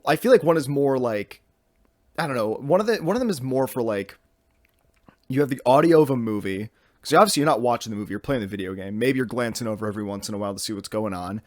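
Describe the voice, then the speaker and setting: A man's voice: medium pitch, dry recording, studio quality. A young man hosting a podcast from his bedroom, rambling casually with lots of fillers and restarts. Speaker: podcast host.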